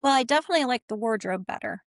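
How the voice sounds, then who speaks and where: A woman's voice: on the high side, lively intonation, racing, dry recording. Guest: earnest middle-aged woman, heartfelt interview storytelling, close dry mic. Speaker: pageant titleholder guest.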